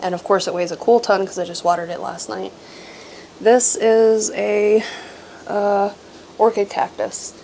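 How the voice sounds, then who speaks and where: A woman's voice: medium pitch, flat delivery, measured pace, mellow, slight background noise, rough recording. A woman hosting a casual houseplant vlog, chatty and self-deprecating, laughing often and trailing off with ums. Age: adult with grown daughter. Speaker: houseplant channel host. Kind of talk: casual show-and-tell vlog.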